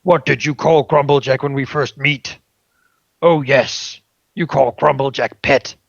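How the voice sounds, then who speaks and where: Brute ogre, dumb and proud, slow broken speech, performed by a man. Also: mid-range voice, steady tone, vocal fry, no room sound, dull audio. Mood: gloating. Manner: slow, broken grammar, speaks of himself by name. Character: dim-witted boastful male ogre brute.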